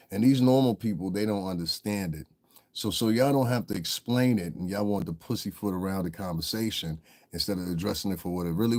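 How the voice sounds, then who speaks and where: A man's voice: deep voice, a little mellow. A man hosting a casual livestream, laid-back and chuckling as he talks to his chat. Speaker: livestream host.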